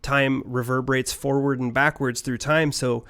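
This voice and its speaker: A man's voice: mid-range voice, flat delivery, normal speed, fairly bright tone, clear, resonant tone. Profane man telling a rambling story. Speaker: podcast co-host. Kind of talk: casual podcast chat.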